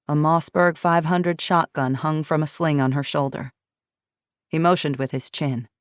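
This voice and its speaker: A woman reads an audiobook in a steady, measured way. Her voice sits low, and the close studio sound is dry. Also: no room sound. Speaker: audiobook narrator. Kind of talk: scripted narration.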